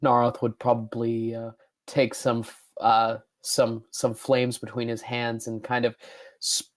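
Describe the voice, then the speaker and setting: Man, player, flat delivery, dry sound, halting speech. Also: mid-range voice, dry recording. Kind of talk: tabletop role-play.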